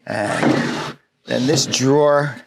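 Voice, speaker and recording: A man's voice: mid-range voice, fairly even intonation, extremely slow, gravelly, heavy background noise. A man giving a plainspoken, folksy walkthrough of a van build, demonstrating parts as he talks. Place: inside a van.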